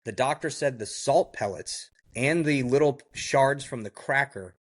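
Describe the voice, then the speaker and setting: A man of ordinary middle pitch tells a story on a podcast as a guest. He speaks casually and bluntly, with many fillers, and acts out what others said in the tale. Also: a little slow. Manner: vivid, blunt retelling that acts out the quoted dialogue; frequent fillers like "like" and "I go". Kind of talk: casual first-person storytelling.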